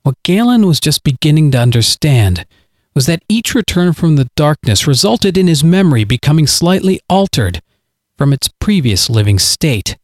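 A man reading a scripted story aloud, measured and dramatic. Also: fairly high pitch, very animated, dry recording, clean studio sound. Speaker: narrator.

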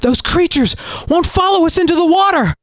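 A man voicing a woman fleeing for her life, shouting out of breath. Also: very high-pitched, animated, very slow, no room sound, clean studio sound, pitched above the performer's own voice, heavily acted. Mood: urgent.

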